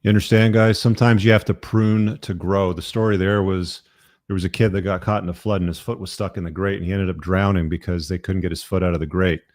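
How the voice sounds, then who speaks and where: A man's voice: low voice, level tone, fast talker, darkish tone, no room sound, clean studio sound. A middle-aged man hosting a podcast, giving blunt, profane opinions with many fillers. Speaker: podcast host. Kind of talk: casual podcast talk.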